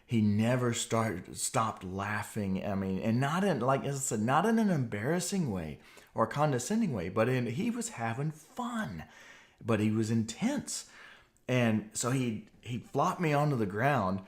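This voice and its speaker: A man in his forties, a podcast host, earnestly telling a personal testimony in an animated way. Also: mid-range voice, unhurried.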